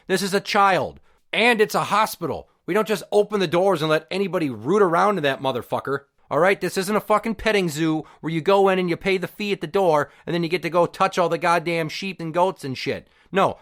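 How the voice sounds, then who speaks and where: A man's voice: sits high, fairly bright tone. Foul-mouthed man ranting on a podcast. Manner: crude, sarcastic and exasperated. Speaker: podcast host. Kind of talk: profane storytelling rant.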